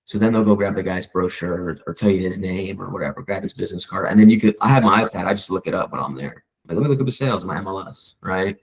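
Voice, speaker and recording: A man's voice: sits low, creaky, slightly rough, poor audio. A man, a real estate agent, casually coaching a colleague and acting out his calls with clients. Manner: fast, animated, acts out client calls in quoted voices.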